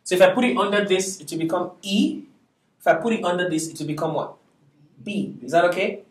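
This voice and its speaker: Recorded from a distance in a roomy space, a man with a high, brisk voice leads a beginners' Arabic lesson. He patiently drills syllables aloud and constantly makes sure his students are keeping up.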